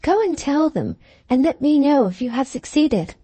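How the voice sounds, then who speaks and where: Storybook role: woman voicing a wealthy young lady, coaxing, lifted pitch, mellow tone. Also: big pitch swings, moderate pace, dry recording. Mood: eager. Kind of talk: audiobook character reading.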